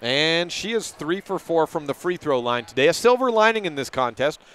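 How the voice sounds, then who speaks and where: A man gives animated, brisk play-by-play of a high school girls' basketball game on local radio, sometimes stopping to correct a name. His voice is a touch bright and the recording is clean.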